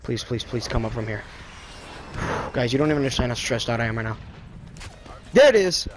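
Swearing, excitable young male gamer. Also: mid-range voice, fast, noisy background. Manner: frustrated, swearing, excitable outbursts. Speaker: gaming video creator. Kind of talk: live gameplay commentary.

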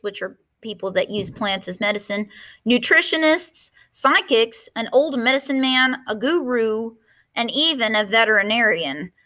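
A woman teacher reading a storybook aloud with lots of expression. Her voice sits fairly high. She pauses often to explain words to her listeners. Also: bright, forceful tone.

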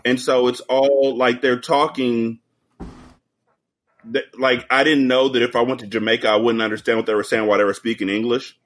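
A man's voice: mid-range voice, level tone, moderate pace. A man as a podcast guest, telling stories and jokes in a profane casual chat over a video call. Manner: joking, profane storytelling.

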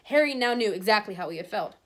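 A woman teacher reads a chapter aloud to her class in a steady storybook voice. Her voice sits at an ordinary middle pitch. She trips over a word now and then and calmly goes back to correct it. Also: fast talker. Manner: steady, with small stumbles and self-corrections. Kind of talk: reading a novel aloud.

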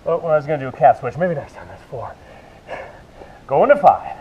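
A man's voice: on the high side, sing-song, brisk, lo-fi sound, slight background noise. A man leading a yoga workout, counting reps and cueing moves while he exercises, out of breath. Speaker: fitness instructor. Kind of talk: coaching a workout video.

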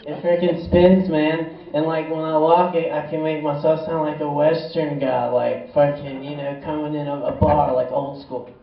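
A man's voice: on the high side, level tone, normal speed, vocal fry, hardly any pauses. A young man doing a stand-up comedy set in a small club, rambling and profane with a laid-back stoner delivery. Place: small bar or club stage. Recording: echoey room, far from mic, dull lo-fi sound.

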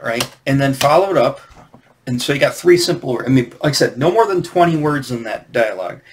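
A man's voice: on the high side, a bit bright, a little hiss or hum. A man teaching comic scripting in a loose, rambling way, with many restarts and hesitations. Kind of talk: casual instructional talk.

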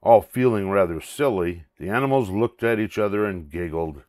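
An older man reading a children's storybook aloud, expressive and playful. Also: on the low side, normal speed, few pauses.

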